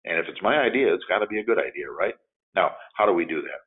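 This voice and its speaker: A low-voiced man in his fifties, a de-escalation trainer, speaks quickly while giving a training lecture built on role-play examples. He tells animated stories and acts out the angry quotes in them. The audio is narrow, like a phone line.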